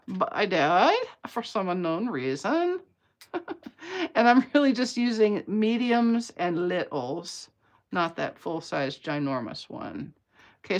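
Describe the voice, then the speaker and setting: A woman, chatting playfully with viewers while demonstrating card-making live. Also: medium pitch. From Atlanta area, US. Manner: chatty and playful, bantering with viewers mid-demo. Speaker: craft demonstrator.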